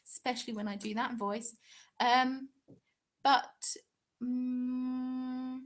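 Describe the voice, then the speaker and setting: A woman's voice: high-pitched, steady tone, slow pace, pauses often. A young English woman hosting a crafting live stream, chatting casually and reading out viewer comments in a giggly, rambling way. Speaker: crafting channel host.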